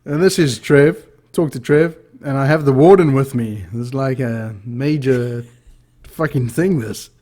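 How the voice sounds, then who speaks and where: A man's voice: medium pitch, measured pace, dark tone. A man hosting a casual podcast at home, joking, swearing and laughing a lot after a few drinks. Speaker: podcast host. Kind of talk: casual tipsy chat.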